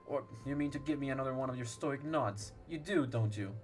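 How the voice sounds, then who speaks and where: A man's voice: medium pitch, a little fast, soft background music, natural voice. A man voicing a dry, teasing male commander, reading game dialogue aloud in formal speech.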